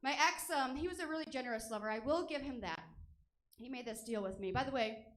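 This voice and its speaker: A woman's voice: high voice, fast talker, a bit bright. A woman performing a stand-up comedy set on a comedy theater stage, brash, crude and self-deprecating.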